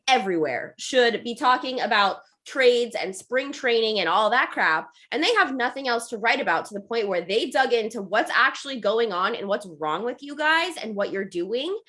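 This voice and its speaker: Bright, opinionated woman podcaster. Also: a little high. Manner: opinionated, emphatic, cheers her co-host on. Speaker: podcast co-host. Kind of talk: casual sports chat.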